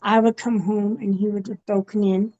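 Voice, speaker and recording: A woman giving a personal testimony in an interview, speaking haltingly with many pauses and fillers. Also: mid-range voice, flat delivery, dark tone. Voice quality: gravelly. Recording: dull, muffled recording.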